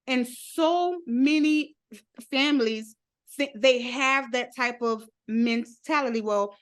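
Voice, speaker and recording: A woman's voice: sits high, takes it slowly. A woman guest in a podcast interview, speaking openly and laughing often as she tells her own story. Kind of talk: candid interview.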